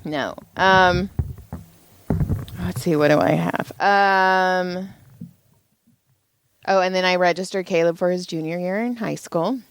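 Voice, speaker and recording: A woman in her forties telling a profane, animated story on a casual podcast, speaking as a parent. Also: fairly low pitch, takes it slowly, long pauses, clear, resonant tone. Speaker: podcast co-host.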